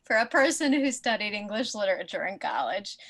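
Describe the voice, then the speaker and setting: A woman's voice: medium pitch, a little fast. Laughing woman guest on a podcast. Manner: animated, laughs often. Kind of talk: casual podcast chat.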